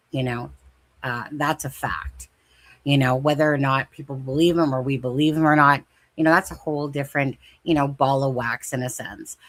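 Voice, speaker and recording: A woman's voice: low voice, fairly bright tone, dry recording. A woman co-hosting a true crime podcast in casual chat, talking in rambling, emphatic bursts and repeating herself. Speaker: podcast co-host.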